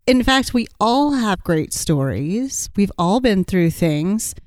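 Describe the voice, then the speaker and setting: A woman's voice: mid-range voice, animated, slow, a little mellow, dry recording, clean studio sound. A woman co-hosting a podcast in casual chat, encouraging and coaching her co-host. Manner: encouraging, coaching tone, pushes the other to act.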